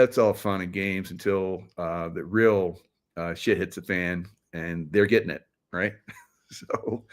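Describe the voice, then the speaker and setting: A middle-aged man hosting his own show, giving rambling, mocking commentary full of fillers and laughs. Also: deep voice. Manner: rambling, filler-heavy, laughs and mocks often. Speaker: show host. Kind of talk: casual commentary.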